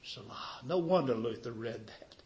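A man preaching a sermon to a small congregation, swelling to loud emphasis on key phrases and drawing words out. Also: mid-range voice, measured pace. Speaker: pastor.

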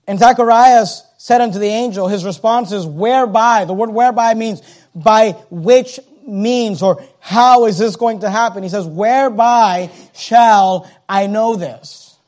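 A male preacher delivers a sermon in a dramatic way. His delivery swings between loud declarations and hushed asides. His voice sits very high for a man. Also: moderate pace.

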